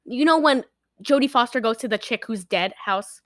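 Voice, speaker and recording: A woman's voice: on the high side, normal speed, no room sound. A young woman chatting casually, rambling through a film recap and acting out the characters' lines. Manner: rambling, animated retelling with acted-out quotes. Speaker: podcast co-host recapping a film. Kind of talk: casual chat.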